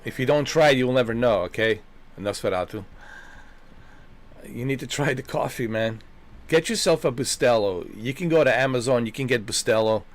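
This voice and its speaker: A male gaming host chats off the cuff at a middling pitch, wandering from point to point. He swears freely and circles back over the same lines. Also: normal speed. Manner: rambling, swearing, repeating himself. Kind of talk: rambling casual chat.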